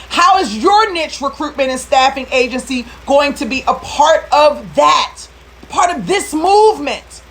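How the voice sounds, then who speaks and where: Fired-up high-voiced woman coach. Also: lively intonation, a little slow, a bit bright. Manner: fired-up, preachy, rallying. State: emotional, near tears. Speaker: recruitment business coach. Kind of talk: motivational live video talk.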